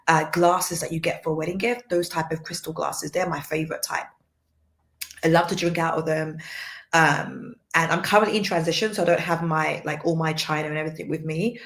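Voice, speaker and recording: A woman giving a livestream faith teaching, soft-spoken and earnest, repeating points for emphasis. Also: deep voice. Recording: roomy echo.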